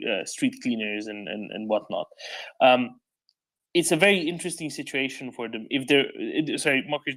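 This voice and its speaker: A man hosting a live audio discussion, speaking in a measured way with frequent fillers and restarts. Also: mid-range voice, a bit bright. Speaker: host of online discussion.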